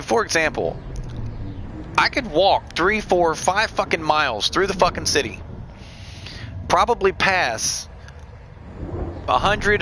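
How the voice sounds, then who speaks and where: A young man streaming a game, telling stories in a profane, animated way during casual voice chat. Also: medium pitch, a little hiss or hum. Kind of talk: casual chat over voice call.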